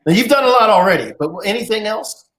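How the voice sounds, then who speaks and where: A man's voice: sits high, expressive, fast talker, a bit bright. A man hosting a live interview show, jovial and teasing with his guest. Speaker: host.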